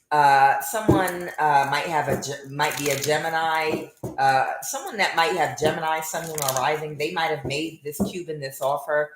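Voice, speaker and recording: A woman's voice: sits low, a bit bright, echoey room. A woman giving a casual tarot reading, mocking and scolding, with many filler uhs. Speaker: tarot reader.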